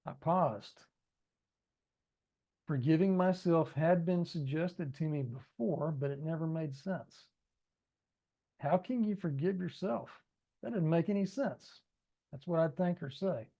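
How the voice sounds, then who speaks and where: A man's voice: on the high side, unhurried, creaky, pauses often, mellow. A man reading his own book aloud in a conversational way, adding asides and speaking straight to listeners. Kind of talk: audiobook narration with ad-libbed asides.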